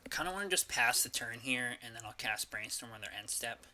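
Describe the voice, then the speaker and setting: A man's voice: mid-range voice, lively intonation, a little fast, sharp tone. A man casually commenting on his card game as he plays, thinking aloud with hesitations and the odd curse. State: has the hiccups.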